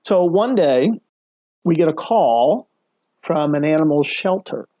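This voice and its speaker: A man's voice: a little high, expressive, measured pace, dark tone, no room sound. A man who is a guest speaker on a podcast, telling a story in an emphatic, earnest way. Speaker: guest, mental health speaker.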